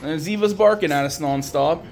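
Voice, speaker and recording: A woman filming her puppies, chatting fondly and teasing them, and jumping into high baby talk whenever she calls one over. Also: moderate pace, a little mellow. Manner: fond, chatty, teasing the pups. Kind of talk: casual running commentary while filming.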